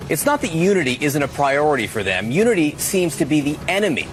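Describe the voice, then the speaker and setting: A man's voice: on the high side, sing-song, quick pace, hardly any pauses, soft background music. A man delivering a sarcastic scripted television commentary in punchy short lines. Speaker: news anchor.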